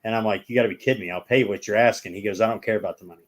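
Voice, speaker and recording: A man's voice: fairly low pitch, steady tone, racing. Rambling man telling stories casually. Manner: rambling, acts out the people in his stories. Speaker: guest. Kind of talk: casual storytelling chat.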